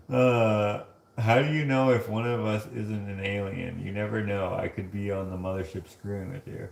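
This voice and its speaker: A man's voice: on the low side, steady tone, moderate pace, gravelly. Man, casual live-stream host, joking and chatty, laughs a lot, home kitchen, echoey room. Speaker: livestream host reading chat.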